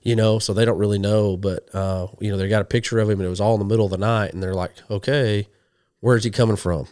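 Brief: very low-voiced Oklahoma man, hunting guest, lively anecdotes, dry close mic. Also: very fast, smooth, no room sound. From western Oklahoma. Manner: animated storyteller, quotes people in dialogue. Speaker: guest, hunting show host. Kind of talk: casual storytelling interview.

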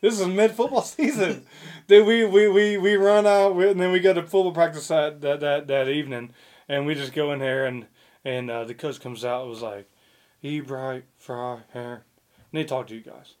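A man's voice: a little high, steady tone, a little fast, a little mellow. Rambling, swearing young man telling stories. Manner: rambling storyteller, many fillers and restarts, swears freely. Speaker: podcast co-host. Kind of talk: casual chat.

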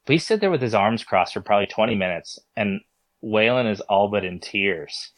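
Low-voiced man telling a hunting story. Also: lively intonation, moderate pace, no echo. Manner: stumbles and repeats words while recounting a story. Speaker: podcast guest, hunter. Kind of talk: storytelling in a podcast interview.

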